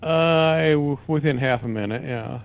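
A man's voice: on the high side, measured pace, vocal fry, highs cut off. Easygoing man giving brief replies. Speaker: comedian co-host. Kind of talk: casual chat.

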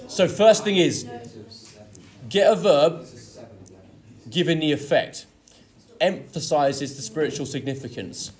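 A man's voice: a little high, slow pace, pauses often, a little mellow. Man, teacher, exam tutorial, explanatory, stresses key words. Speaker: English literature teacher.

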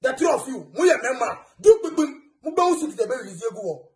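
A man's voice: very high-pitched, big pitch swings, a little fast, a little mellow. A Ghanaian man ranting in a taunting way, mixing English, pidgin and Twi. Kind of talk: ranting video message.

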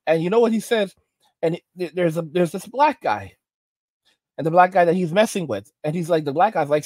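A man's voice: high voice, expressive, a little mellow, dry recording. Rambling man with a dry close voice. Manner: rambling, halting storyteller with many restarts. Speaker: commentary channel host. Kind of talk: reaction commentary monologue.

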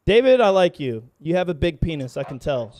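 A young man streaming live gameplay, talking to his chat and teammates, excitable and profane, often breaking into shouts. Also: on the high side, a little fast, background noise. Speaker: game streamer; military veteran gamer.

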